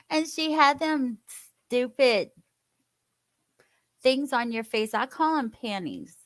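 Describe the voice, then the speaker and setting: Reaction commentator, female, slow and offhand, close dry mic. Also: sits high, no room sound. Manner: joking, laughing asides.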